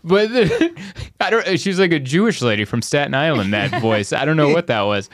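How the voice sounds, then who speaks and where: A comedian telling stories in a casual podcast chat, animated and often laughing as he mimics people. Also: a little high, moderate pace, no room sound, clean studio sound.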